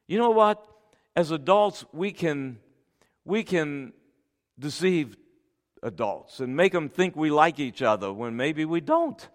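Male pastor, sermon delivery, loud-to-soft dynamics, slightly high pitch, long hall reverb. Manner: swings from loud forceful scripture reading to soft tender near-whisper. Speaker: preacher.

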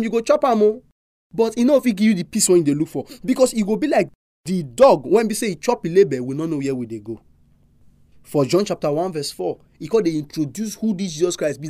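A Nigerian-accented preacher gives an emphatic sermon. The voice is mellow and rises and falls widely. The recording is close and dry. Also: medium pitch, quick pace, no echo. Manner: animated, emphatic rhetorical questions.

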